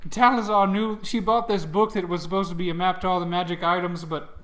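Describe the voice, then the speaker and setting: A man's voice: high-pitched, fairly even intonation, fairly quick, fairly bright tone, slight background noise. A man voicing a mischievous male gnome god of humor, chummy and rambling, in a tabletop game. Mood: teasing.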